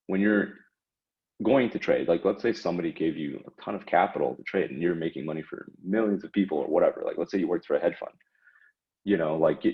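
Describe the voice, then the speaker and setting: A man with an extremely low voice explains things in a loose, conversational way. He leans on fillers and checks in with the listener often. The recording sounds dull and lo-fi. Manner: conversational, frequent fillers and tag questions. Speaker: trading educator. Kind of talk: casual instructional talk.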